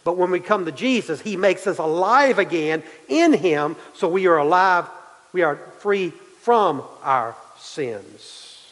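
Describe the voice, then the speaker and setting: A man's voice: high-pitched, expressive, unhurried, fairly bright tone, in a large hall, rough recording. A man preaching a sermon, repeating his key points for emphasis and building in intensity. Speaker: pastor.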